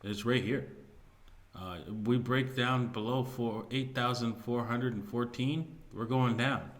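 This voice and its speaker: A man's voice: mid-range voice, takes it slowly. A man hosting his own video, talking loosely through market news with many fillers and restarts. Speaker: crypto video host. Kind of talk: casual market commentary.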